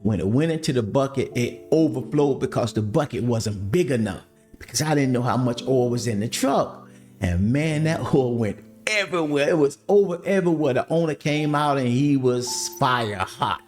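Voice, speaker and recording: Man, podcast testimony, lively storyteller, faint music bed. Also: mid-range voice, normal speed. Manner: animated, addresses listeners as family. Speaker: podcast host telling his story.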